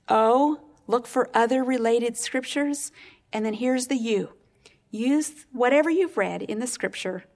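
A woman preaching a sermon, teaching earnestly and slowing down to stress key points. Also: a little high.

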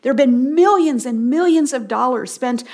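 A woman with a voice pitched a little high, teaching the Bible on a radio broadcast. She speaks earnestly and with emphasis, repeating her key phrases. At moments she falls to a soft hush to stress a point. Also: lively intonation, normal speed.

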